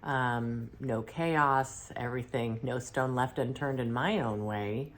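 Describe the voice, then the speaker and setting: Very deep-voiced middle-aged woman. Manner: halting and reflective, with many fillers and restarts. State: unwell, clearing her throat. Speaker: spiritual channeler and host. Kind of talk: casual first-person account.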